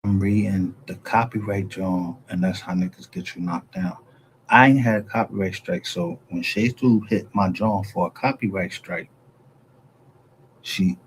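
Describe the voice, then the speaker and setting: A man's voice: on the low side, fairly even intonation, unhurried, a little hiss or hum. A man giving a heated, profane, rambling commentary as a YouTube creator, often restarting his sentences.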